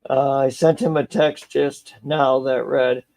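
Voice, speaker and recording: A man's voice: medium pitch, fairly even intonation, takes it slowly, darkish tone, rough recording. A man chatting casually on a live stream while he repairs a model car, rambling, joking and muttering to himself as he works.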